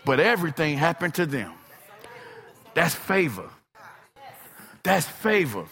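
A man preaching with a high, lively voice that leaps up and down in pitch. His tone is bright and forceful, and he moves between quiet asides and shouted calls to the congregation. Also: takes it slowly, breathy edge, in a large hall. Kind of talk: sermon.

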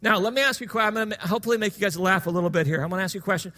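High-voiced, bright male preacher. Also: rapid-fire. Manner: conversational, joking with the congregation. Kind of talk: sermon.

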